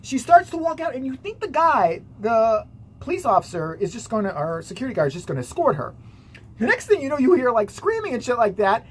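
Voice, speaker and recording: A woman's voice: fairly high pitch, big pitch swings, brisk, husky. A woman vlogger giving casual, sarcastic commentary, swearing freely.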